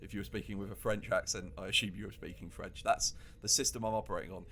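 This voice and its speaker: A man's voice: on the low side, steady tone, fast, fairly bright tone, slight background noise. A man co-hosting a comedy podcast, ranting in casual banter and laughing often between his points. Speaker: podcast co-host.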